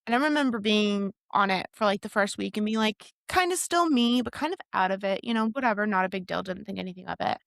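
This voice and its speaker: Woman in her 30s, podcast co-host, frank and reflective, gravelly tone, dry close mic. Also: medium pitch, quick pace, hardly any pauses, dry recording. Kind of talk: casual chat.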